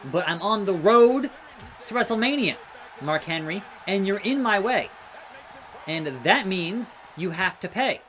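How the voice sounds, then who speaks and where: A man doing excitable let's-play commentary over a wrestling video game, talking trash to his opponents. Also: sits high, unhurried, slight background noise. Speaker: gaming YouTuber.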